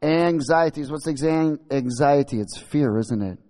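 A man's voice: fairly high pitch, lively intonation, normal speed. A male pastor preaching and reading scripture aloud, exclaiming and laughing often. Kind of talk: sermon.

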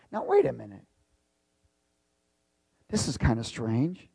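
Male preacher, sermon, slow deliberate delivery, dry close sound, quizzes the congregation. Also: medium pitch, wildly swooping pitch, creaky, dark tone, husky, no echo, muffled recording. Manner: reads scripture aloud, stops to quiz the congregation; emphatic, repeats key words. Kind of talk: sermon with call-and-response.

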